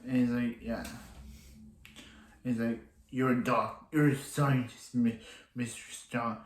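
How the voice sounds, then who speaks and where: A man's voice: medium pitch, level tone, slow, reverberant, slight background noise, rough recording. A man casually recapping a TV episode, rambling and restarting his sentences often as he quotes the characters in passing. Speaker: TV episode reviewer.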